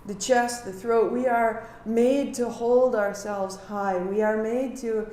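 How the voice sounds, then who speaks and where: A woman teaching a live kundalini yoga class, giving calm movement cues and sharing earnest reflections. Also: fairly high pitch, takes it slowly. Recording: echoey room.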